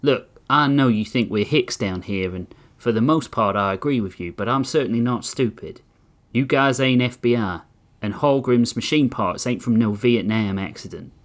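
A man's voice: mid-range voice, moderate pace, natural voice. A man voicing a blunt, folksy small-town police chief.

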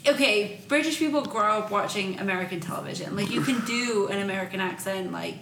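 A woman's voice: medium pitch, a little fast, gravelly, noisy background. Give me an opinionated woman chatting on a podcast in an echoey room. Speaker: guest. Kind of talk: casual chat.

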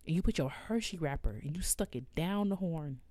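A woman who co-hosts a podcast and teaches orchestra, telling stories in casual chat with an animated, exasperated delivery. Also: fairly quick, no echo. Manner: animated, exasperated storytelling with sudden jumps in pitch.

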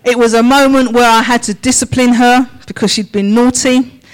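A woman preaching in church asks her congregation one slow, deliberate question after another. Her voice is on the high side, clean in tone, with fairly even intonation, though the recording is rough.

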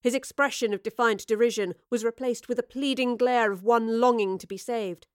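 A woman reading a story aloud as narrator, steady and expressive. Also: a little high, normal speed, clean tone, dry recording, clean studio sound. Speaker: audiobook narrator. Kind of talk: scripted narration.

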